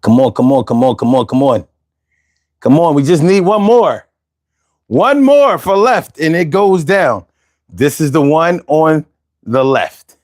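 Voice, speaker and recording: Animated slangy man hosting a livestream. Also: on the high side, measured pace, pauses often, no room sound, studio quality. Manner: animated, slangy, banters with viewers. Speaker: livestream host. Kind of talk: casual livestream chat reading comments.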